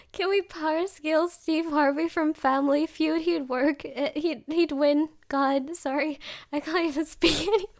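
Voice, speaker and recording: A woman's voice: sits high, steady tone, measured pace. A woman from Germany, a streamer in casual chat who keeps breaking into laughter. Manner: giggly, often breaking into laughter.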